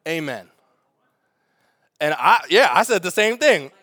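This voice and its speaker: A man, a pastor preaching a sermon with funny family stories and lively asides. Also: on the high side, unhurried, no room sound. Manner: storytelling with humor, animated asides.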